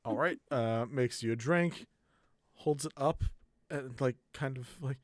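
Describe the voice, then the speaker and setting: A man's voice: mid-range voice, unhurried, no room sound, clean studio sound. A young man, the game master, running a tabletop game in a laid-back way and laughing often.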